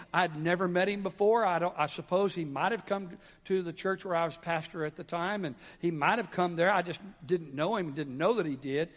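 High-voiced preacher in a reverberant hall. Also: male voice. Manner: dramatic, swings from soft low drops to raised exclamations. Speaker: pastor. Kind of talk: sermon.

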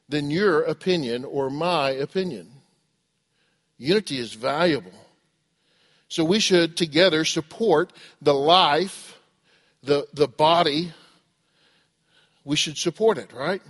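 A middle-aged man preaching a sermon, with a voice pitched a little high for a man. He asks his listeners rhetorical questions and acts out the voices of the people he quotes. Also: a bit bright. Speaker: pastor.

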